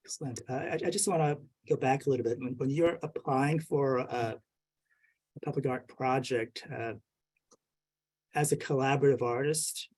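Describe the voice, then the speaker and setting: A man's voice: medium pitch, fairly even intonation, moderate pace, a little mellow. A man moderating a virtual workshop, asking follow-up questions with many restarts.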